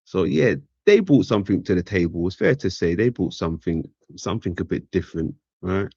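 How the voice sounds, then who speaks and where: A man's voice: sits low, animated, brisk, creaky, dark tone, slightly rough, no echo. A man talking in a casual, laid-back monologue. He often repeats phrases and keeps asking "right?". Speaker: commentator. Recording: dull lo-fi dry sound.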